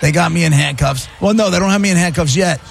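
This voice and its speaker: A man hosting a casual chat, asking quick questions and telling his own story with quoted voices. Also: fairly high pitch, gravelly, soft background music.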